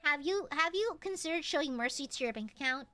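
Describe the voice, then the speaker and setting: A young woman streaming, chatting casually with her chat, swearing freely and squealing when excited. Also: high-pitched, a little fast, faint music behind.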